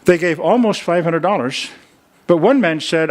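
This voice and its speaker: A man's voice: on the high side, expressive, moderate pace. An older man preaching a sermon in a church, telling folksy stories and chatting with the congregation as he makes a fundraising appeal. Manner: folksy storytelling, chatty asides.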